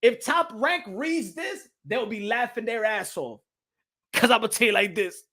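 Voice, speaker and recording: A young man hosting a boxing channel livestream in casual chat, animated, repeating himself and laughing often, slipping into Spanish. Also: extremely high pitch, unhurried.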